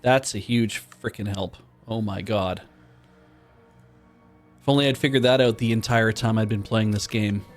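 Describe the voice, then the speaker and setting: A man streaming a modded game, reading the game text aloud in casual commentary and breaking into loud, surprised swearing. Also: lowish voice, steady tone, moderate pace, long pauses, faint music behind.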